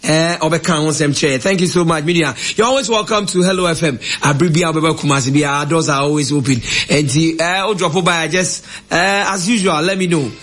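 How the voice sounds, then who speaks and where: An upbeat man with a Ghanaian accent hosts a radio show and keeps the chat moving with quick interjections. His voice sits fairly high for a man. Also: fairly bright tone, soft background music. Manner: upbeat, mixes English and Twi, quick interjections.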